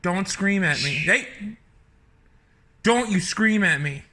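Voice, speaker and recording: A man talking casually outdoors on his home deck, exasperated and full of mock-tough bravado, often shouting. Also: high voice, animated, slow pace. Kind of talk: casual talk to a bird.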